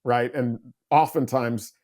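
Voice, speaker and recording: A man in his forties, a podcast guest, telling stories in an animated way and acting out quoted dialogue. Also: mid-range voice, slow pace. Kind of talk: storytelling interview talk.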